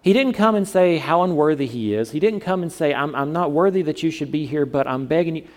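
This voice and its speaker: A man's voice: a little high, expressive, a little fast, darkish tone. A man from the southern United States preaching a sermon in a conversational way, often asking his listeners questions. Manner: conversational, asks the congregation questions. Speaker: pastor.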